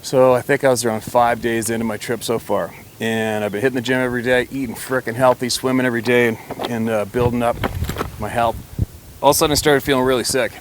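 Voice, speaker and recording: A man's voice: medium pitch, steady tone, fast, a little hiss or hum. A man telling a personal story to camera in a rambling, blunt way, with mild swearing and frequent restarts.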